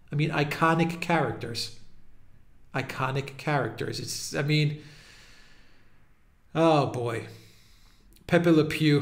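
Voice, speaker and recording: A man's voice: mid-range voice, roomy sound. A man hosting a casual commentary video, mocking and exasperated as he talks, often breaking into laughter. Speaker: political video host.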